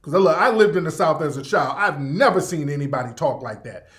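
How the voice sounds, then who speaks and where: A man's voice: a little high, expressive, a little fast, a bit bright. A man hosting a radio show in casual livestream commentary, rambling and profane, repeating himself and reacting to chat.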